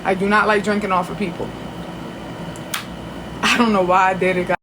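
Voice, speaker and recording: A woman's voice: medium pitch, little pitch movement, moderate pace, noisy background. A woman telling a long story on a casual livestream, chatty and profane, with frequent restarts. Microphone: phone.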